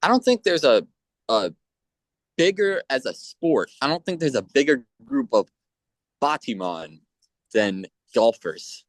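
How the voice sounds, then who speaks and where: A man co-hosting a podcast in casual chat, talking in a hesitant, halting way with many restarts. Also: medium pitch, big pitch swings, no room sound. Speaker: podcast co-host.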